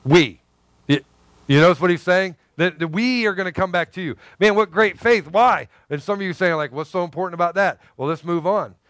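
A man preaching with lively, conversational energy, slipping into voiced quotes of the story's characters. His voice sits a little high for a man. The sound is close and dry, with no room around it. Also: brisk, no echo. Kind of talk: sermon.

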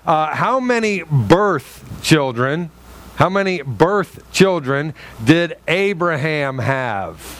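A man's voice: fairly high pitch, big pitch swings, slow, fairly bright tone, a little hiss or hum. A man preaching a conversational sermon, joking with his congregation, quizzing them and acting out quotes from the story. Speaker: pastor. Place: church sanctuary.

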